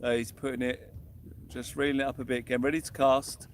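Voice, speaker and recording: A man's voice: mid-range voice, little pitch movement, a little fast, a little hiss or hum. A young man giving cheery running commentary while fishing from a small boat outdoors. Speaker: fishing vlogger. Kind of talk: live-stream commentary.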